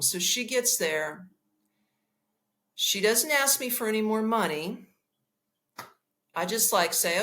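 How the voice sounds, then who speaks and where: A woman's voice: mid-range voice, unhurried. Woman podcast host telling a story, swears a lot, acts out the dialogue, voice bouncing all over. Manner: animated, blunt and profane, acts out dialogue. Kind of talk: casual storytelling monologue.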